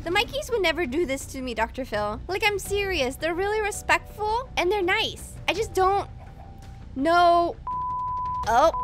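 A woman commenting on her game play in an excitable way, gasping and talking to her pets. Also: high-pitched. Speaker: gaming YouTuber.

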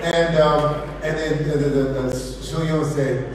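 A man's voice: medium pitch, level tone. An American man, a gospel singer, testifying to a church congregation in an exuberant, preacherly way. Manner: exuberant, preacherly, quick bursts with laughter. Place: large church sanctuary before a congregation. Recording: echoey church hall, distant mic, crowd.

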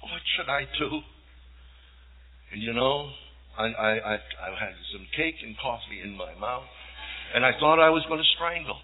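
A man's voice: mid-range voice, expressive, moderate pace. A man around seventy preaching a sermon, telling homespun stories with self-deprecating humor and building to fervent appeals. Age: about 70. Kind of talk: sermon, folksy storytelling and exhortation. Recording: tinny phone-like archive sermon tape.

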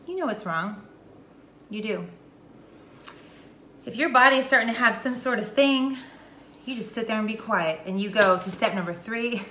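In a mid-range, fairly bright voice at normal speed, a middle-aged woman from Texas talks casually to camera as a wellness vlogger. She's emphatic and preachy toward her followers and keeps repeating her main points, with echo and faint noise around her.

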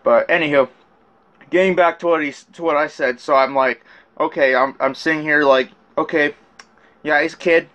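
A man's voice: fairly high pitch, steady tone, moderate pace, sharp tone. Rambling, profane man with a raised voice. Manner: profane, rambling, with many restarts. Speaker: rapper telling his side of a feud. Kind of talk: casual rant recounting messages.

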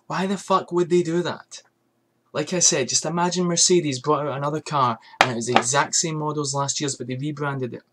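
A man's voice: fairly high pitch, steady tone, brisk, a bit bright. Angry swearing man ranting. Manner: angry, swearing, rhetorical questions. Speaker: fragrance reviewer. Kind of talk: ranting vlog.

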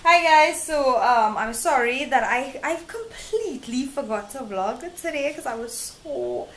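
A woman's voice: sits high, lively intonation, measured pace, a bit bright. A young woman chatting casually to camera at home, rambling with many ums and restarts in a self-described pompous-sounding voice. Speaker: vlogger. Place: living room at home. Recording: roomy room with faint background noise.

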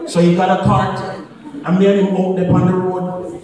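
A Jamaican man telling jokes on stage in a high voice, switching into his friends' voices. The sound is caught from across a large, echoing hall. A lively crowd laughs around him. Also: fast talker, recorded from a distance. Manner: storytelling with acted-out voices of friends. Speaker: stand-up comedian. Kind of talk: stand-up comedy. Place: banquet hall at a live event. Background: audience laughing.

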